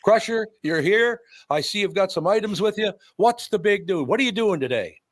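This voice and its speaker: A man's voice: high voice, lively intonation, moderate pace, pitched above the performer's own voice. A man putting on a breathless old-time wrestling announcer who hypes up a wrestler's entrance. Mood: hyped. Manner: breathless hype, builds up the entrance.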